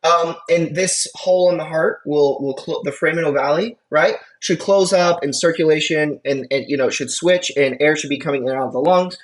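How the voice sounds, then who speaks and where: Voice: medium pitch, a little fast, hardly any pauses. An EMT course instructor giving a classroom lecture in a casual, chatty way, with conversational asides and frequent check-ins with the class.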